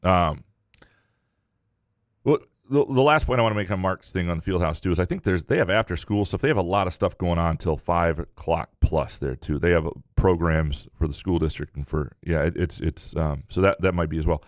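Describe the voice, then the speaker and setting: Deep-voiced man, casual sports podcast host. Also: no echo, clean studio sound. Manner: halting, many restarts and fillers.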